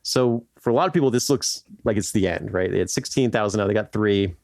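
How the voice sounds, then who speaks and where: A man's voice: lowish voice, quick pace, a little mellow, dry recording, studio quality. A man hosting a podcast, telling history in a loose, rambling way, laughing often and tossing in "like" and "right?". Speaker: podcast host. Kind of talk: casual history storytelling.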